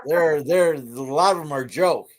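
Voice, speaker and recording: A man's voice: on the high side, measured pace. A man co-hosting a humor show, delivering dry punning one-liners. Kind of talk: casual joke-telling chat.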